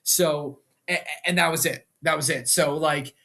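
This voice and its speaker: A young man casually recapping a wrestling show, rambling and repeating words, jumping up in pitch when he acts out quotes. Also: fairly even intonation, moderate pace, vocal fry, sharp tone. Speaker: wrestling reaction vlogger.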